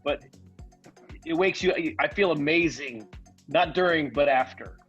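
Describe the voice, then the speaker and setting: A man's voice: a little high, unhurried, fairly bright tone, faint music behind. A man on a video call, chatting in a friendly, laid-back way. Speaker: guest. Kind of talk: casual chat on a video call. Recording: dull video call audio.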